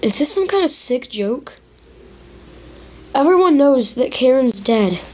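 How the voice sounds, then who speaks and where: Annoyed young girlfriend texting back, read by a woman, slow plain read. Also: high voice, expressive, a little mellow, slight background noise. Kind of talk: reading a chat story aloud.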